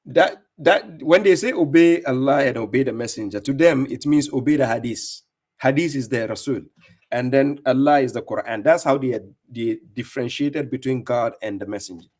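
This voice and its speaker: A man's voice: mid-range voice, moderate pace, darkish tone. A man hosting a live stream, commenting on clips and talking to viewers in a mocking, insistent way with lots of repetition. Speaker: livestream host reacting to clips.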